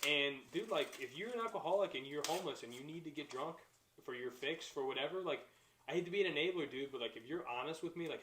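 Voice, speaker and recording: Young man, rapid profane storytelling, roomy echo. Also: on the high side, lively intonation, a bit bright. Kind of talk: casual chat. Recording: echoey room.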